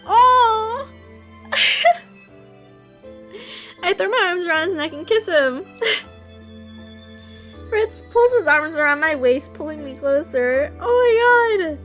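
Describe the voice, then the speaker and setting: Woman with a high voice reading a visual novel aloud, emotional reactions, faint music under. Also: a little slow, pauses often. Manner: emotional, bursts into excited reactions.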